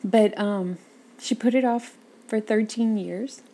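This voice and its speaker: Woman, interview guest, lively storyteller, quotes people in their voices, gravelly voice. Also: medium pitch, slow pace. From south Louisiana.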